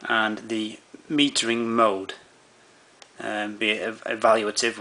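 A man's voice: on the low side, gravelly, pushed and bright. A man walking through camera menu settings in an easygoing way, with many fillers and restarts. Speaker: camera tutorial presenter. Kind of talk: explaining camera settings step by step.

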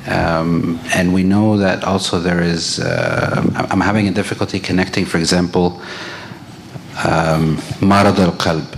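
Deep-voiced man asking a hesitant question. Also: fairly even intonation, measured pace, creaky, slight background noise. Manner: hesitant, many fillers. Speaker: audience member asking a question.

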